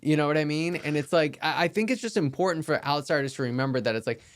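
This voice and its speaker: A man's voice: a little high, fast. A man hosting a podcast, chatting casually with a loose, emphatic delivery full of fillers. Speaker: podcast host. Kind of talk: casual interview chat.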